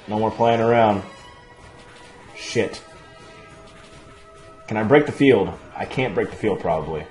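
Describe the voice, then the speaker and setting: A man giving excitable let's play commentary over a video game, swearing a lot and breaking into loud outbursts. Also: on the low side, a little slow, pauses often. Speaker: gaming channel host. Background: faint game music.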